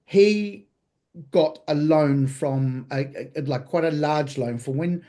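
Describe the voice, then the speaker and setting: A man from New Zealand with a fairly high voice and his home accent swings freely up and down in pitch as he tells his story. He sounds candid and casual, swearing easily while he recounts his past on a podcast. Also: takes it slowly, warm tone. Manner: candid, profane, vivid anecdotal storytelling. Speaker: podcast guest, chef.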